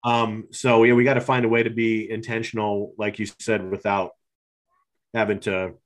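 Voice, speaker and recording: Low-voiced man, affirming host. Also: level tone, moderate pace. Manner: affirming, peppered with "right" and "you know". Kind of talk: casual podcast conversation.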